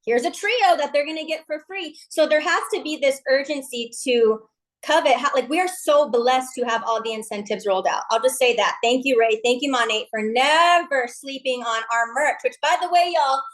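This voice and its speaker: A woman's voice: high-pitched, moderate pace, a bit bright, rough recording. A woman leading a sales team call, giving a gushing, pushy motivational pep talk. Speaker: MLM team leader on a team call.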